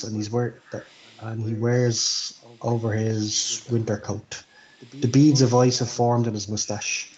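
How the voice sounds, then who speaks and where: A man in a mid pitch narrates a tabletop game as game master. He describes scenes haltingly, with restarts. The audio is slightly dull and lo-fi. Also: flat delivery, darkish tone.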